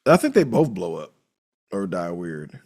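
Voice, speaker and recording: Husky, animated man recapping a movie. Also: unhurried. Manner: animated, profane, acts out characters' lines with big pitch jumps. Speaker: podcast co-host. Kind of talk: casual movie recap chat.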